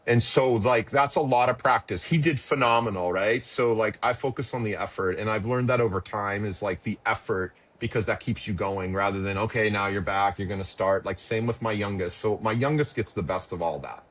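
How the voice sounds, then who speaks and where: A middle-aged man telling a personal story as a podcast guest, halting and emotional with frequent restarts. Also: fairly low pitch, a bit bright. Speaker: podcast guest, former pitcher and father.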